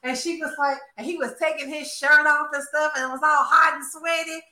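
A woman with a high, bright, sharp voice talks in an animated, gossipy way and keeps throwing in "honey" and "girl". Her voice rings in a roomy, echoey space, and she sounds like she is hosting a casual chat. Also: fairly quick. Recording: roomy echo.

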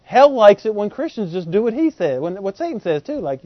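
A man preaching with a high-pitched voice in a folksy, joking way, full of slang. He keeps turning to the congregation with questions. The recording is dry and a bit dull. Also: sing-song, fairly quick, no room sound. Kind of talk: sermon.

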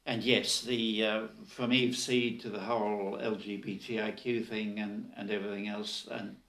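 An older man, a podcast guest, who speaks in a measured, emphatic way and often opens with "look". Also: fairly low pitch, flat delivery, a bit bright. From Australia. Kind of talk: casual conversational interview. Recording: echoey room.

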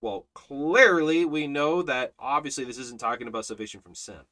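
Guy preaching a bible study, bright forceful voice, keeps hammering the same point. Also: mid-range voice, normal speed. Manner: emphatic, repetitive exhortation with swings between loud and soft. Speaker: Bible teacher.

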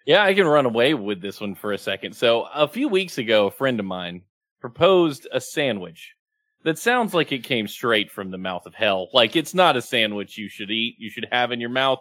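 A man on a podcast as a guest, chatting casually and telling a story with lively quoted asides. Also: mid-range voice, moderate pace, no echo. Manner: animated storytelling, acting out his own quotes. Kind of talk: casual chat. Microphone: remote, streaming in.

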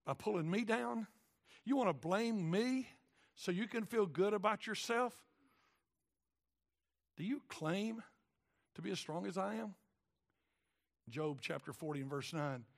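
A male preacher, delivering a sermon in animated, emphatic bursts and voicing God's side in rising rhetorical questions. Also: a little high.

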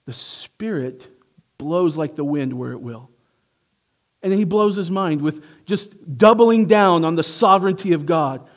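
A man preaching a sermon, emphatic and swinging from hushed to forceful, who asks his congregation rhetorical questions. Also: a little high, lively intonation, measured pace.

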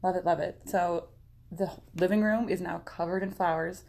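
Chatty lower-pitched young woman. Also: moderate pace, vocal fry. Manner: chatty, animated, laughs often. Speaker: podcast co-host. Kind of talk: casual chat.

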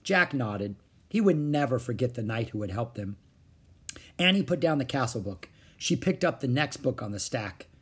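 A man reading a children's chapter book aloud with expressive, varied intonation. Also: medium pitch, normal speed, slightly rough. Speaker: audiobook narrator.

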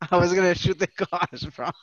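A man's voice: high-pitched, normal speed, muffled recording. A man co-hosting a casual podcast chat, telling rambling stories with lots of slang and laughter. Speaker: podcast co-host.

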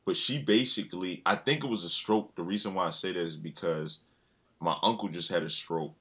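A man co-hosting a casual talk show, telling stories in animated, profane slang. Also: deep voice, fairly quick, slightly rough. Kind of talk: casual chat.

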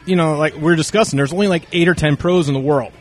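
A man's voice: fairly high pitch, quick pace. A man in casual conversation telling long stories, acting out the dialogue of the people in them. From North Carolina. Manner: animated, acts out quoted dialogue. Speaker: interview guest. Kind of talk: casual storytelling.

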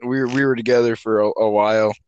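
A man's voice: on the low side, fairly even intonation, fast, darkish tone, clean tone, no room sound, lo-fi sound. A young man in casual chat, laid-back and laughing while he talks.

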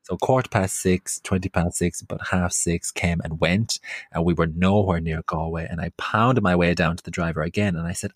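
A man, co-hosting a podcast and telling an embarrassing personal story in an animated, self-mocking way. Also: low voice, brisk, dry recording, clean studio sound. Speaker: podcast co-host.

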